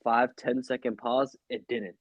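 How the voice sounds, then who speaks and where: A young man co-hosting a casual wrestling podcast, loud and joking, often slipping into mocking voices. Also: mid-range voice, level tone, a little slow, no echo, highs cut off. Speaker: podcast co-host.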